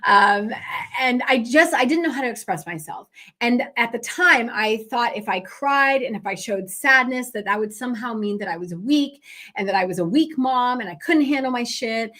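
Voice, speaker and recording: A woman with a slightly high voice tells a personal story, chatting straight to her listeners. She talks casually, sprinkling in fillers and asking "right?" over and over. She sounds like a coach hosting her own podcast. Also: animated, normal speed, sharp tone. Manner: casual, conversational, addresses listeners directly; frequent fillers and tag questions. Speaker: business coach and podcast host.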